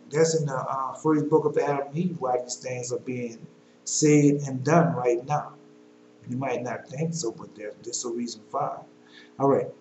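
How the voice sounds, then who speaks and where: Casting: male preacher, fairly high voice, reads scripture steadily, then chats loosely. Roomy echo, faint hum. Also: darkish tone. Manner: reads scripture aloud in a measured cadence, then talks loosely with fillers. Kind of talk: sermon with scripture reading.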